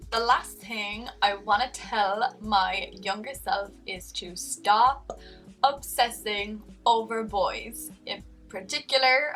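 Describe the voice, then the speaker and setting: A young woman vlogs in an earnest, rambling way, often restarting her sentences. Her voice is bright and sharp. She sits a little back from the mic, with faint music underneath. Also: medium pitch, distant mic. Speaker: vlogger. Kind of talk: heartfelt casual vlog.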